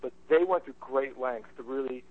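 An eager man talking films, lo-fi. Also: mid-range voice. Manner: enthusiastic, halting with many restarts. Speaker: podcast co-host, movie reviewer. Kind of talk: casual chat.

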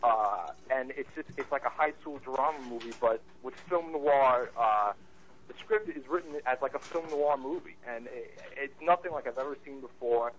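A man co-hosting a casual movie chat show, enthusiastic and halting, often restarting his sentences. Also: medium pitch, a bit bright, low-quality recording. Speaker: podcast co-host, movie reviewer.

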